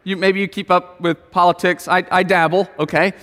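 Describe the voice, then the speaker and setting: High-voiced preacher in a big reverberant hall. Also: male voice, moderate pace. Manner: animated, asks the room questions, tells family stories. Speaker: pastor. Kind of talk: sermon.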